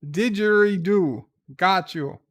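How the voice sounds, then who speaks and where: Man putting on a loud Australian cousin. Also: sits high, slow pace. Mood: boisterous. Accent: put-on Australian. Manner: barks "oi" greetings, bluff and rowdy. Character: brash Australian male cousin, loud and boisterous.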